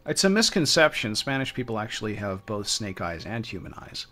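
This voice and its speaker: Male co-host, deadpan quips, casual let's-play chat. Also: lowish voice, fairly quick. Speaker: podcast co-host.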